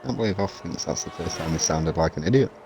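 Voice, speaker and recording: A man's voice: a bass voice, fast. A man co-commentating a sim race with teasing, dry wisecracks. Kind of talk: casual banter commentary. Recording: steady background noise.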